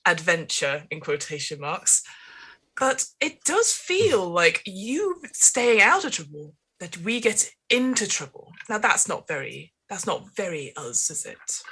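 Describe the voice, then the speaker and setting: A woman's voice: mid-range voice, very animated, measured pace, pushed and bright, husky, full character voice, rough recording. A woman playing a cold, haughty female hobbit relative who speaks in an icy, condescending way.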